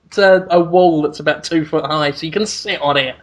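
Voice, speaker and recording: A man's voice: on the high side, fairly quick. A British man co-hosting a podcast, bantering in a crude, teasing way. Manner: teasing, crude, laughs often.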